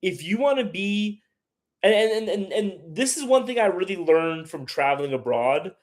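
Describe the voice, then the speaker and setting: Animated, opinionated male livestreamer. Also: sits high, normal speed. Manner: rambling, opinionated, reads chat aloud. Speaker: livestream host. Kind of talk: casual live chat.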